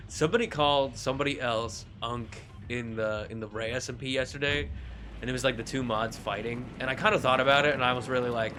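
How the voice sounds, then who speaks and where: A man streams a shooter game with playful commentary, free swearing, frequent laughter and excited yelps when the action turns. His medium-pitched voice moves fairly quickly, with slight background noise.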